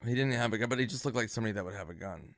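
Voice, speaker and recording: A man who is a comedian, casually telling an animated, profane anecdote and acting out other people's reactions. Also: on the low side, very fast, dry recording, studio quality. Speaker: comedian guest.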